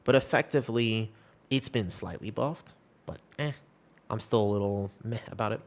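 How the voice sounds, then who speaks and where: A man's voice: lowish voice, moderate pace. A young man streaming a game, chatting casually with his viewers in a rambling, upbeat and reassuring way. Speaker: live streamer. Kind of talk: casual live-stream chat.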